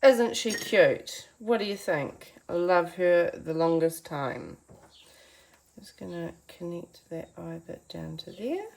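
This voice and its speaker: A woman's voice: lowish voice, animated, takes it slowly, vocal fry, a little mellow. A woman giving a chatty, encouraging painting tutorial from her home art studio, talking to viewers as friends. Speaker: art teacher.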